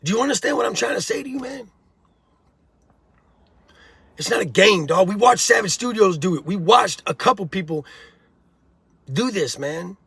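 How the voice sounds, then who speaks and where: In a dry recording, a man with a high, creaky, slightly rough voice and a fairly bright tone speaks at a moderate pace with lively intonation and long pauses. He hosts a prison-life commentary vlog, preaching bluntly to viewers in streetwise slang and calling them bro and homie.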